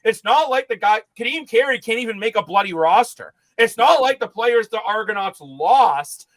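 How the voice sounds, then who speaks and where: High-voiced man ranting about football. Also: animated, normal speed, a bit bright, no room sound. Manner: ranting, emphatic, frustrated. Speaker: sports talk show co-host. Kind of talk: heated sports talk.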